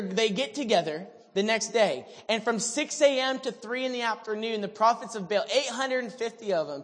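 A male pastor preaching a sermon with animated, dramatic storytelling. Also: high voice. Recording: reverberant hall.

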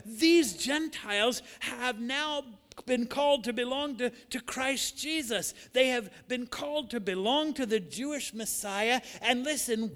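A man preaching a sermon, emphatic and building to shouts on key lines. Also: very high voice, a little slow, hardly any pauses. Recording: long hall reverb.

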